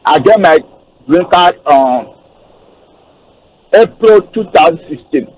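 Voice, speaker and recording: A man calling in to ask about his citizenship, speaking in broken, halting English. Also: on the high side, animated, low-quality recording. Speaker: caller. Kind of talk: phone call-in question.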